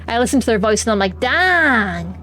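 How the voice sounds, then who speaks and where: A woman with a Scottish Highlands accent touched by the Western Isles, chatting casually with her chat while gaming and laughing easily. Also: fairly even intonation, very fast, a little mellow. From Scotland. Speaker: streamer.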